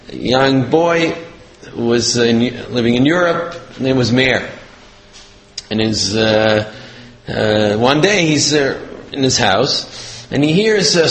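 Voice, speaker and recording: A man telling a religious lesson as a story, talking haltingly with many fillers and restarts. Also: medium pitch, a bit bright. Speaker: religious teacher. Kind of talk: storytelling sermon. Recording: roomy echo.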